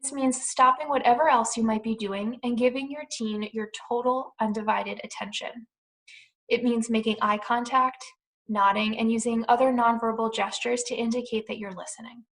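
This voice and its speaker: A young American woman, a clinician, giving a calm, clear, reassuring pre-recorded talk to parents, with softly spoken example phrases. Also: a little high, normal speed, poor audio. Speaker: clinician presenting a parent webinar.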